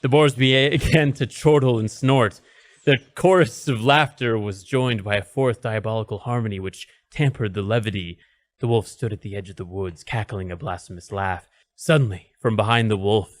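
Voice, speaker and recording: Man, storybook narrator, mock-solemn and dramatic, mid pitch, dry close sound. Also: no room sound.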